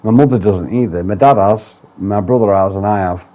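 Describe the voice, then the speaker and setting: A man's voice: lowish voice, brisk. A man talking candidly in a personal vlog, rambling, swearing often and restarting his sentences. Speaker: vlogger. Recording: dull lo-fi sound.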